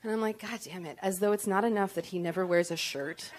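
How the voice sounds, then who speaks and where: A woman's voice: mid-range voice, fairly even intonation, fast talker. A young woman telling a comic personal story on stage to an audience, self-deprecating and full of ums.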